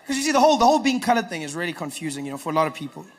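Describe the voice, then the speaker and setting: A man with a South African accent doing stand-up comedy, telling stories with animated delivery. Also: high-pitched, racing. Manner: animated storytelling, acting out characters.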